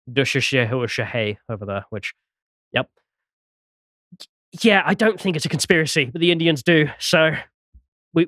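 Man, podcast host, casual chat, often laughing, fairly high voice, dry close sound. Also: fairly bright tone, no room sound. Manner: laughs often, reads posts aloud.

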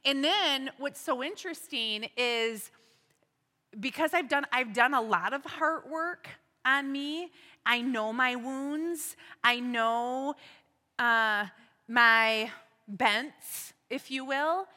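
A woman's voice: high voice, takes it slowly, bright, forceful tone, in a large hall. A woman teaching at a women's ministry meeting, earnest and exhorting, full of rhetorical questions. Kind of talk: church teaching talk.

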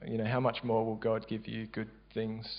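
A man with an Australian accent, telling a church testimony in a casual, halting way with many fillers. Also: monotone. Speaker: church member sharing a testimony. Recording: dull low-fidelity sound.

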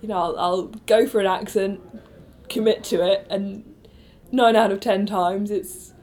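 A woman's voice: medium pitch, steady tone, unhurried, a little mellow. A woman guest on a podcast chatting casually about improv, self-deprecating and laughing often.

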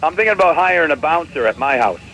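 A comedian from New tells sarcastic family stories. He talks in animated bursts and keeps chuckling at his own lines. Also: a little high, fast, noisy background. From New England. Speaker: comedian host. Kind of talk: comedic storytelling.

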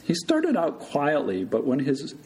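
Male storyteller, live audience, slow delivery, animated pitch. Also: low-quality recording. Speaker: surgical resident telling a story.

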